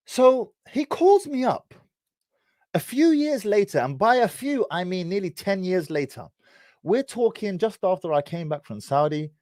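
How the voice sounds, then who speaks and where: A man's voice: sits high, sing-song, measured pace, a little mellow, dry recording. A man in his thirties with an English accent, telling a personal story in a casual, teasing, slang-heavy way. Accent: British, English. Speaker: vlogger.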